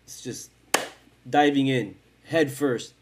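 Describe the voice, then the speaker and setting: A man's voice: medium pitch, takes it slowly, background noise. A man hosting a casual solo sports podcast from home, rambling and self-mocking with plenty of swearing and sing-song chanting. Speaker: podcast host. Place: at home in front of a camera.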